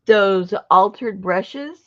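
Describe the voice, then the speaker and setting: A woman's voice: mid-range voice, very slow, fairly bright tone, muffled recording. A woman hosting a casual crafting livestream, chatting in a rambling, self-interrupting way. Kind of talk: casual chat while crafting.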